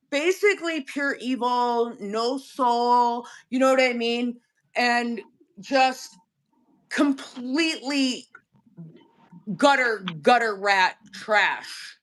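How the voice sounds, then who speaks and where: A woman's voice: sits high, a bit bright. A woman hosting a livestream, talking bluntly in casual chat and filling with "like". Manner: blunt, uses "like" a lot. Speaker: livestream host.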